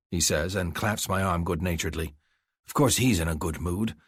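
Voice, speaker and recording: A man giving gruff, measured first-person audiobook narration. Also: low-pitched, dry recording, clean studio sound. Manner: gruff, measured, slow deliberate phrasing.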